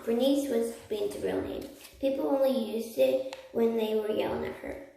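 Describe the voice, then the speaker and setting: A woman reading a children's book aloud, slowly, with slips and restarts. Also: fairly high pitch, gravelly, mellow. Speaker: reader. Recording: echoey room, far from mic, faint noise.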